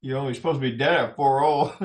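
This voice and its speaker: A middle-aged musician, a guest in a radio studio, tells personal stories in a rambling, anecdotal style, chuckling often. He speaks a little fast in a medium-pitched voice.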